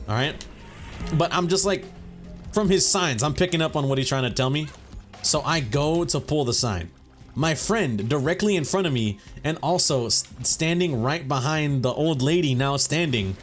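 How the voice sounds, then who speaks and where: A young man, host of a gaming channel, rambling through a casual story over gameplay, swearing often and saying "bro" and "you know.". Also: a little high.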